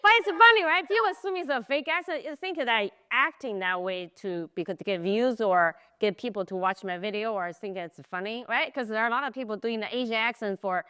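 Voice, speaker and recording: A woman's voice: on the high side, fairly quick, hardly any pauses, pushed and bright, clean tone. A woman from China speaking English with a Chinese accent as a guest in a casual chat, talking in short, broken phrases of non-native English.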